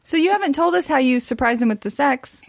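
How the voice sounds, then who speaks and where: A woman with a fairly high voice hosts a podcast, asking questions and steering the talk between topics. Her voice sounds dry and close, with no echo. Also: lively intonation, fast, creaky. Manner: prompting, leads the conversation between topics. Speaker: podcast host. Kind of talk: casual chat.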